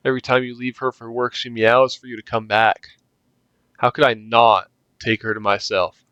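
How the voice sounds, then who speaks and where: Smug young male kidnapper, read by a man, condescending, mid-pitched, dry close sound. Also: level tone, moderate pace, pushed and bright, clean tone, no echo, dull audio, close to an everyday voice. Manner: condescending, taunting.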